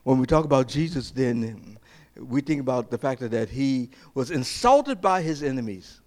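A man preaching a sermon as pastor, passionate, repeating phrases for emphasis and swinging between loud peaks and quiet asides. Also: medium pitch, animated, normal speed.

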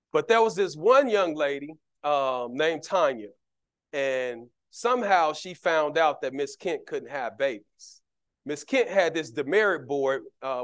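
A middle-aged man, preaching a sermon full of personal stories and lively swings between loud and soft. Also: on the high side. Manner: animated, jumps between loud and soft, acts out quoted voices; conversational, repeats words while building a point. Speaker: deacon preaching.

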